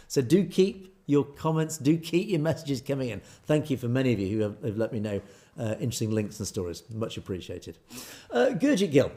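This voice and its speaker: Chatty male show host. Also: a little high. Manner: chatty, many fillers and restarts, lively emphasis. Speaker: show host reading viewer comments. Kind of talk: casual commentary to camera.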